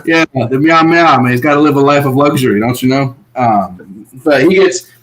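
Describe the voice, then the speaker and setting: A podcast co-host talks through a casual recap on an online show, his voice medium in pitch and his pace normal, though the audio quality is poor. He's animated, laughs a lot, and does voices for the contestants he quotes.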